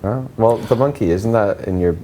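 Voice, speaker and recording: A man's voice: lowish voice, normal speed, dark tone, slight background noise. A man hosting a casual panel chat, reading out viewer questions and laughing often. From not from Canada.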